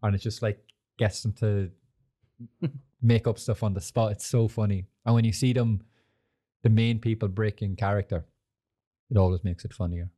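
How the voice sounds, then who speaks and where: A man's voice: fairly low pitch, steady tone, moderate pace, long pauses, warm tone. A young man hosting a casual podcast, rambling through stories with lots of fillers and swearing. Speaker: podcast host. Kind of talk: casual chat.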